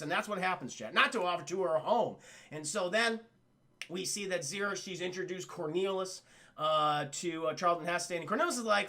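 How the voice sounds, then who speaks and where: A man reviewing a film on a live stream, excitable and profane, acting out characters in quick voices as he recaps scenes for chat. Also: sits high.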